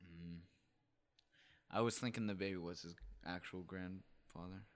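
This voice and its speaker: A man's voice: low voice, steady tone, a little slow, clear, resonant tone. A man co-hosting a casual movie podcast, playful and joking, often laughing. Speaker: podcast co-host.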